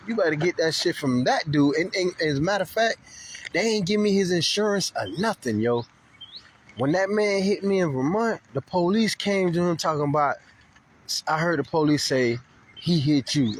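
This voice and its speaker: A man giving a casual, profane video update, telling stories in a loose, animated way. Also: fairly high pitch, normal speed, slight background noise. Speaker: vlogger. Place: Florida.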